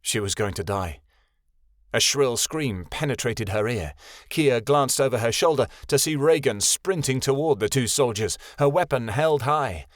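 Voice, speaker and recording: A man reading a fantasy novel aloud as audiobook narrator, with a steady storytelling delivery. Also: medium pitch, a little slow, dry recording, studio quality. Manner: steady storytelling, voices every character.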